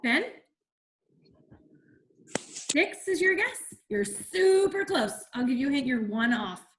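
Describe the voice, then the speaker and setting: A woman's voice: high voice, big pitch swings, takes it slowly, a little hiss or hum. A woman teacher leading an online class over a video call, encouraging the children and asking them questions as she explains.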